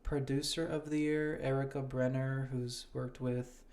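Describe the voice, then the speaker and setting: A young man with a mellow, warm voice chatting casually on a podcast. He reads nomination lists at a slow, unhurried pace and drops swear words freely. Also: mid-range voice, flat delivery. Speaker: podcast host. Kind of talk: casual chat reading award nominations.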